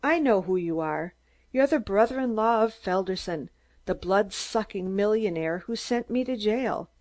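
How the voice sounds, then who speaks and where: A woman reading an audiobook, voicing a shrill, excitable small man who rants in staccato outbursts. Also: moderate pace, close to an everyday voice. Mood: ranting.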